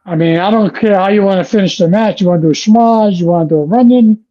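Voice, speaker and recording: High-voiced man on a dull, lo-fi line. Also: fast, mellow. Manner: blunt, profane, laughs easily. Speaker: podcast guest. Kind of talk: casual wrestling chat.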